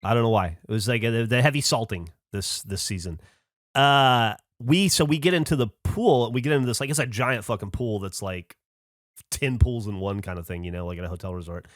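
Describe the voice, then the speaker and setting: A man hosting a podcast, telling a story in a casual, animated way with swearing and laughing asides. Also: mid-range voice, brisk, dry recording, clean studio sound. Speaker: podcast host. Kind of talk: casual chat.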